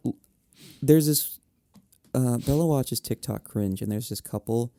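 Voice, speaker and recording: A man's voice: medium pitch, measured pace, dark tone, no echo, studio quality. A young man co-hosting a podcast, ranting bluntly with plenty of swearing in casual chat. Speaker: podcast co-host.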